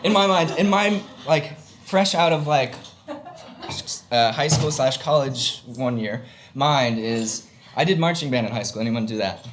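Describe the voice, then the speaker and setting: A young Southern US man tells a comic story on stage to a live crowd, laughing along as he goes. His medium-pitched voice has lively intonation and a measured pace, chatty and full of fillers, over a noisy background.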